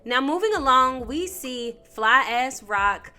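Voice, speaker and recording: A woman hosting a casual TV episode recap, talking in a chatty, slangy, animated storytelling way. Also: high voice, slow, faint music behind. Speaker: TV recap host.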